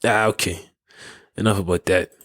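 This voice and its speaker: Husky South African man telling stories. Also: low voice, fairly even intonation, normal speed, fairly bright tone, no echo, studio quality. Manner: rambling, laughing, many restarts. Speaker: podcast host. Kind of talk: casual storytelling.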